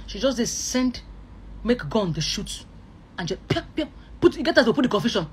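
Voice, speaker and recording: A speaker with a Nigerian accent, pouring out an emotional online rant in a voice of middling pitch. The talk is emphatic and full of repeated oaths, jumping between loud bursts and quiet murmurs. A faint noise sits under the recording. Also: big pitch swings, normal speed, pauses often.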